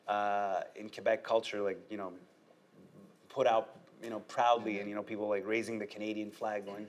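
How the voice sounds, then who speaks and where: Chatty male comedian, laughing often. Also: mid-range voice. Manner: animated, laughs often, quick asides. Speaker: stand-up comedian, interview guest. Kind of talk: casual interview talk.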